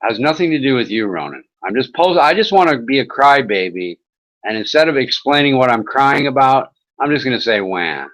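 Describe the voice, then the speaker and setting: Sarcastic man with a lively voice. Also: mid-range voice, fairly quick, low-quality recording. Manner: sarcastic, mocking, profane. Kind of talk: casual rambling chat.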